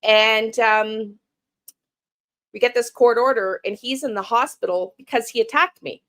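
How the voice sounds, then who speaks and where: A middle-aged woman from Canada hosting a true crime channel, talking through personal frustrations in a halting, emotional way, with restarts, repeated words and blunt, casual swearing. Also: fairly high pitch, fairly even intonation, fairly bright tone. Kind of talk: personal vlog monologue.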